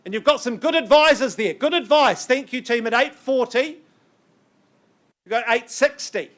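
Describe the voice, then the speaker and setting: A man working as an auctioneer, calling bids in a brisk, coaxing patter with banter, his voice strained and getting worn. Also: very high-pitched, fairly bright tone. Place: auction room.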